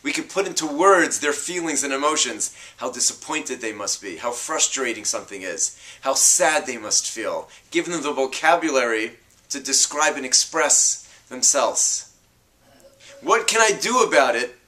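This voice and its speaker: A man, a rabbi, giving an earnest, measured scripted talk on parenting. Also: medium pitch, bright, forceful tone.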